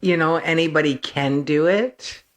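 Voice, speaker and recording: A woman's voice: low voice, a little slow. A woman who is a guest on a photographer's interview show, talking about her shoot in an enthusiastic, affirming and giggly way. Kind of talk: relaxed conversational interview.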